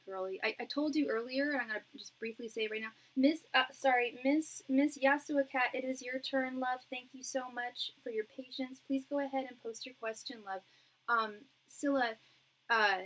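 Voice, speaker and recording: A woman's voice: sits high, fairly bright tone, rough recording. A young woman doing a live-stream tarot reading. She talks in a chatty, reassuring way, with lots of fillers and restarts. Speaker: tarot reader.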